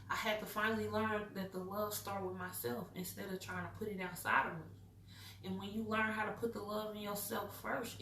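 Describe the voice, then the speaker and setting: A woman's voice: medium pitch, creaky, a bit bright, a little hiss or hum. A young woman doing a casual spiritual card reading, candid, profane and goofy, laughing often. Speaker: intuitive card reader. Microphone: microphone. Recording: roomy, distant mic, faint music.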